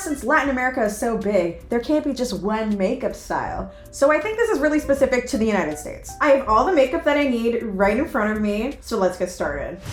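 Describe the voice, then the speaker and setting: Playful young woman vlogger, higher voice with a wide pitch swing; echoey room, faint music underneath. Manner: chatty, playful, self-mocking asides. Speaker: beauty vlogger. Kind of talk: casual makeup tutorial chat.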